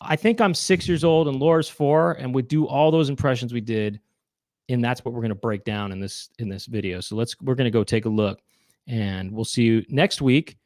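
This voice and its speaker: A man's voice: mid-range voice, normal speed, darkish tone, no echo. Rambling male show host, dry sound. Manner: rambling, self-correcting, breaks into silly impressions. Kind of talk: casual live chat.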